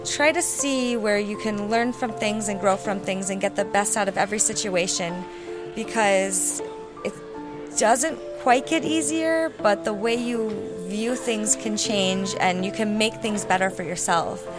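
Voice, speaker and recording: Earnest woman reflecting, music behind. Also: medium pitch. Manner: earnest, thoughtful, with pauses. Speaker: interview guest. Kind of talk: reflective backstage interview.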